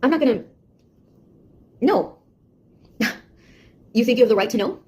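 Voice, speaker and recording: A woman playing a sarcastic young beta tester, husky. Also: on the high side, animated, a little slow, a little mellow. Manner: mocking, taunting, exasperated. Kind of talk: one-sided audio drama acting.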